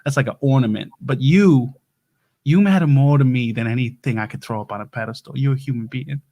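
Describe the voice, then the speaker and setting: A man's voice: medium pitch, a little fast, mellow, natural voice. A man playing a bumbling doomsday prep lecturer and husband, stammering and backpedalling in an improv comedy livestream. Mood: flustered. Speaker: host.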